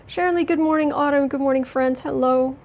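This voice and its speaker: A woman giving a livestreamed tarot reading, talking indignantly and emphatically with halting restarts as she greets chat. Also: high-pitched, fairly even intonation, a little mellow, rough recording. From United States. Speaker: tarot reader.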